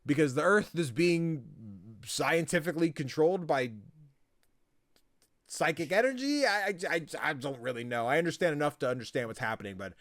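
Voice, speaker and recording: This male co-host sounds slightly high and expressive, speaking at normal speed with a fairly bright tone in a clean, roomless studio recording. His recap of a story game is loose and rambling, full of filler words and frequent cursing.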